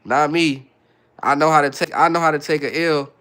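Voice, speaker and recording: This livestream host is a young Bay Area man from California whose voice is on the high side, a bit bright, clear and resonant, with fairly even intonation and a moderate pace. He keeps things relaxed, reading chat comments out loud and welcoming viewers as they arrive.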